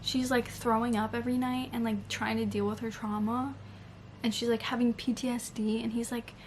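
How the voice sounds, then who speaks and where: A young woman vlogging about a book series in a casual, animated way, swearing often and saying "like" constantly. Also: on the high side, normal speed. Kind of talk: casual reading vlog. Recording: faint background noise.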